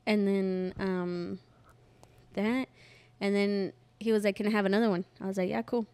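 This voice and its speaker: Young woman, podcast host, casual chat, lively storytelling, cusses a lot. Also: mid-range voice, moderate pace, clean tone. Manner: animated storyteller who acts out quotes and swears freely.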